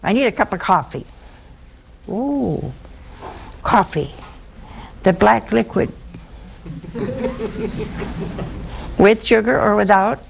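A woman preaching a light-hearted sermon, taking her time with every phrase and letting her words settle. Her voice has a gravelly edge, and she slips into little acted-out scenes as she teases her listeners. A faint hum of ambience sits behind her. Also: medium pitch. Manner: folksy, teasing, acts out anecdotes. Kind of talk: humorous sermon.

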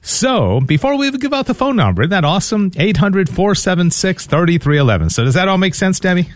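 A man's voice: sits high, very animated, dry recording. Man, radio fundraiser host, upbeat, studio mic, dry close sound. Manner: upbeat, explains slowly with fillers and restarts. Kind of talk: radio pledge drive talk.

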